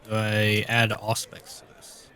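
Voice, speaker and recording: A man's voice: fairly low pitch, completely flat delivery, a little slow, pushed and bright, a faint crowd. A man playing a tabletop role-playing game who asks casual questions as he plays. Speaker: player.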